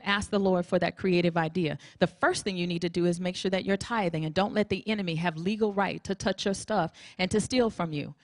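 A woman preacher giving a sermon in a lively, humorous way, acting out little dialogues. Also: lowish voice, dry recording, clean studio sound. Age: adult with a grown daughter. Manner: animated, humorous, acts out dialogues.

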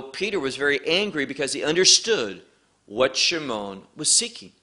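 Slow, emphatic male Bible teacher. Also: a little high, bright, forceful tone. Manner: emphatic, repeats key words.

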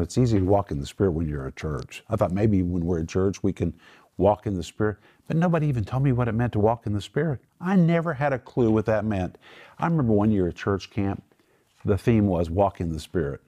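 A man's voice: fairly low pitch, dark tone. Emphatic middle-aged male Bible teacher. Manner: emphatic, explains Greek words step by step.

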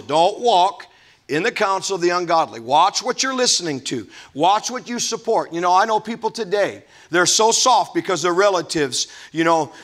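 A man's voice: high voice, a bit bright. A man preaching a sermon as pastor, emphatic, with folksy asides.

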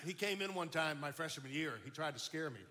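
An elderly-sounding Baton Rouge man recounts his testimony as a story, speaking at an ordinary pace with a bright, edgy, fairly high voice. Words get repeated as he restarts, his delivery animated and folksy, and a big hall echo lingers behind him.

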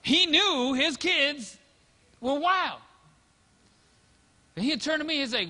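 A middle-aged man preaches in a long, ringing hall, his voice pitched high and bright. He tells stories in his sermon and acts out what each person said. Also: sing-song, slow, long pauses. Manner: storytelling, acts out quotes. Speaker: pastor.

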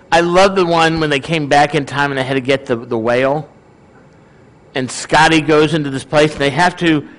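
A pastor with a high-pitched, fairly bright voice preaches to his congregation in an easy, conversational manner, repeatedly asking the room questions to check in. The recording is rough.

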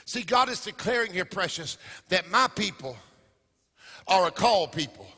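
A man preaching a sermon, chanting in a sing-song rhythm and shouting at the peaks, in a large church. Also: sits high, big pitch swings, normal speed, breathy edge. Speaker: pastor. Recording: church hall reverb with music.

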